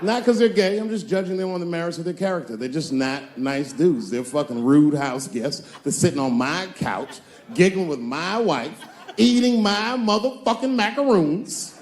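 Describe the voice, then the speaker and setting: A man doing stand-up comedy, swaggering and swinging between loud and soft for his punchlines. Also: on the high side, moderate pace.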